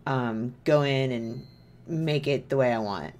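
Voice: mid-range voice, a little slow, a little mellow, a little hiss or hum. A streamer giving casual, rambling commentary while playing a video game, muttering to themself, humming along and making self-deprecating jokes.

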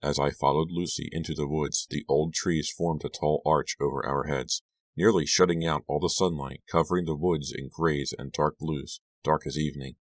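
Man, audiobook narrator, very low voice, dry close sound, hushed storytelling. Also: steady tone, no room sound. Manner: measured, hushed storytelling, lifting for dialogue. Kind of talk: scripted narration.

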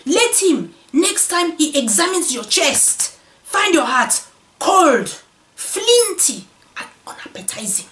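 Woman doing a West African accent for a poem reading, solemn and slow, distant roomy mic. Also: high-pitched, fairly bright tone, voice pushed up, full character voice. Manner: slow, measured, dramatic pauses. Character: solemn female poetry reciter. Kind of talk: poetry recitation.

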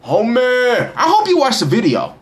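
A young man giving casual, boisterous shout-outs to followers in a profane, slangy way. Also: very high voice, wildly swooping pitch, moderate pace. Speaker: vlogger reading social media shout-outs. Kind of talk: casual live shout-out chat.

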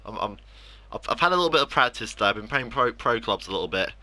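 Fast-talking and expressive, this young English YouTuber has a medium-pitched, pushed, bright voice. He gives live commentary on his own football video game, venting frustration about losses in self-deprecating rants.

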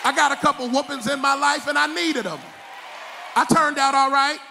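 High, gravelly preacher man, shouting. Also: normal speed, slight background noise. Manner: animated, comic, often shouting. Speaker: pastor. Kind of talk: sermon. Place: church.

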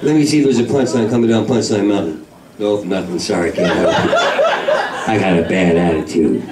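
A man doing a stand-up comedy set in a club, talking in a manic, rambling, profane way that breaks into shouted voices. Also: low voice, fairly quick, very noisy. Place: comedy club main room. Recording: echoey club recording from far off with crowd. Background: audience laughter.

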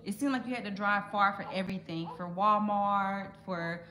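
A woman's voice: mid-range voice, moderate pace, bright, forceful tone. Chatty young woman greeting live viewers. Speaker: vlog host. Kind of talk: casual live-stream chat. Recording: noticeable background noise.

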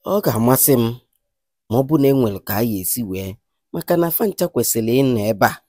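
A man playing a diviner in a comedy skit, giving halting, drawn-out pronouncements. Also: medium pitch, lively intonation, darkish tone, no room sound, clean studio sound, natural voice. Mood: solemn. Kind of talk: skit acting in Igbo.

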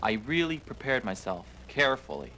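A dejected young would-be actor. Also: male voice, mid-range voice, brisk, slight background noise, poor audio. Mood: upset. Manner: earnest, expressive. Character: young man, aspiring actor, self-critical. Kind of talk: children's TV drama acting.

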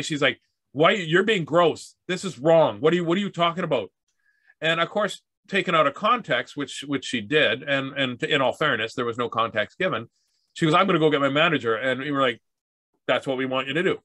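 Bright, dry-sounding Canadian man. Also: medium pitch, no echo. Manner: rambling, with restarts and acted-out dialogue. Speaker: speaker telling stories about accessibility. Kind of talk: casual storytelling talk.

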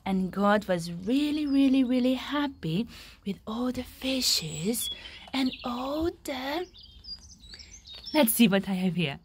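A high-voiced woman tells a story to small children, her pitch leaping around as she gasps and exclaims. She takes her time and keeps asking the little listener to spot things. Faint noise sits behind her. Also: slow pace. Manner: animated, gasping, exclaiming, asking the listener questions.

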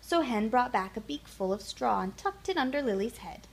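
A woman reading a children's picture book aloud in a gentle, calm bedtime manner. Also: fairly high pitch, moderate pace, creaky, breathy edge. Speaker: storyteller.

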